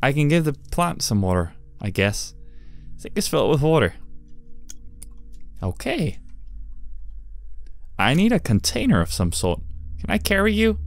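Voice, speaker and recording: A man gives chatty, wry commentary as he plays through a game, reading its text aloud. His pitch moves a lot, with soft game music behind him. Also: big pitch swings, measured pace, creaky, long pauses. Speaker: let's play gamer.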